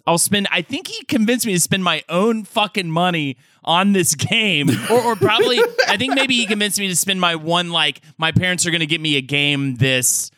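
A man's voice: high voice, moderate pace, few pauses, bright, forceful tone, dry recording. A man co-hosting a comedy podcast, telling a rambling, jokey story with many restarts. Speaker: podcast co-host.

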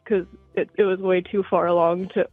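A woman's voice: fairly low pitch, level tone, fairly quick, no room sound, faint music behind. A young woman calling in to a show, out of breath, rambling with lots of filler words. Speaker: caller. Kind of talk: casual phone call. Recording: tinny phone line.

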